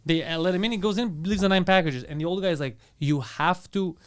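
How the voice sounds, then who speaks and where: A man co-hosting a comedy podcast, telling a story with animated, acted-out quotes. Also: high-pitched, a little fast, clear, resonant tone. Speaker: podcast co-host. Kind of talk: casual comedy podcast chat. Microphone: studio podcast mic.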